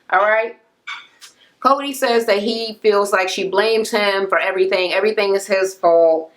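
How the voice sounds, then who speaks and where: A woman ranting in a casual recap of a reality show, blunt, profane and mocking. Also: fairly high pitch. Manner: exasperated, animated.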